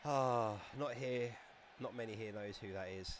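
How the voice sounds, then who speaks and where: A man giving casual, excitable live-stream commentary on a wrestling game, chatting and laughing as he goes. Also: on the low side, measured pace, a little hiss or hum.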